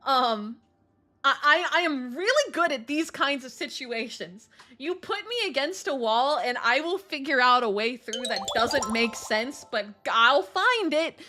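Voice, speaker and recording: A young woman streamer telling a story in a casual chat, animated, laughing often and swearing casually. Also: high-pitched, measured pace.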